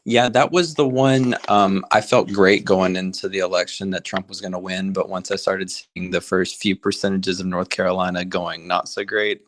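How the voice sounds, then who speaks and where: A man's voice: low-pitched, fairly even intonation, normal speed, few pauses, fairly bright tone, dry recording. An American man from the United States who sits in on a live stream and chats casually, laughing easily and keeping his replies short. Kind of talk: casual conversation.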